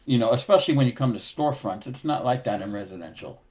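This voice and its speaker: A man's voice: medium pitch, fast. A middle-aged man, a podcast host who cleans windows, telling work stories in casual chat and acting out both sides of old conversations. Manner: animated storyteller acting out dialogue.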